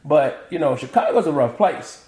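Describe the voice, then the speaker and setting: A middle-aged man from the American South tells stories in a casual interview, voicing his relatives and laughing along. His voice sits a little high for a man. The room is noticeably echoey. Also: normal speed. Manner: animated, acts out family quotes, laughs often. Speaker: guest, author and motivational speaker. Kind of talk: casual interview chat, storytelling.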